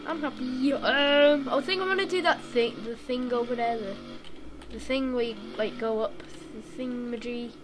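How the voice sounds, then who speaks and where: High-voiced woman rambling over game noise. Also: moderate pace. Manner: rambling, chatty, hums and sings little tunes while playing. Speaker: gaming video creator. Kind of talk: casual gameplay commentary. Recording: clear game engine noise behind.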